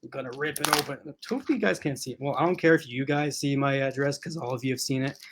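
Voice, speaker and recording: A man's voice: mid-range voice, racing, background noise. Chatty rambling man on a livestream. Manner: rambling, chatty, frequent fillers and restarts; laughs often. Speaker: host of livestream unboxing. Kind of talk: casual livestream chat. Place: at home in front of a laptop. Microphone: laptop.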